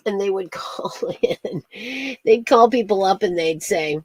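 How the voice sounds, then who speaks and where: A woman's voice: medium pitch, moderate pace, no echo. A woman chatting casually on a livestream, rambling from story to story, laughing often and greeting viewers by name. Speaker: astrology streamer.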